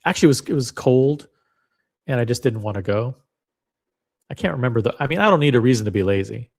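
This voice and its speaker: A man's voice: mid-range voice, animated, fast, vocal fry, a little mellow. A man hosting a casual livestream, rambling and joking at his own expense as he chats to viewers. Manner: rambling, joking, self-deprecating. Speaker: livestream host.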